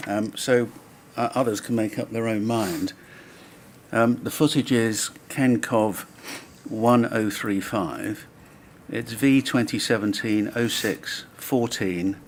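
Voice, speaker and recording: Brief: low-voiced male barrister, formal, pressing questions, faint room hiss. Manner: measured, probing, pressing follow-up questions. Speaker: inquiry counsel questioning a witness. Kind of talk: formal cross-examination. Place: public inquiry hearing room.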